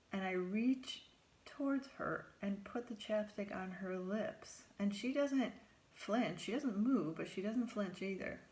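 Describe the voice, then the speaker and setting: This is a middle-aged female therapist narrating a personal story in the first person. She performs her own dialogue in a raised pitch and drops to a whisper whenever she reveals what she was thinking.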